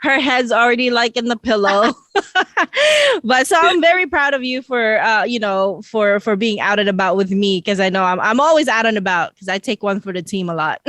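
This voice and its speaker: A woman's voice: mid-range voice, normal speed, fairly bright tone, no room sound. Bubbly, laughing woman podcast host. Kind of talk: casual podcast chat.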